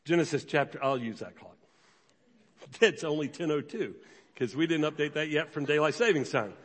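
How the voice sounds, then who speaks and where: A pastor preaching a sermon, animated and conversational, slipping into quick quoted voices for the people in the story. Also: male voice, on the high side, breathy edge. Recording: long hall reverb.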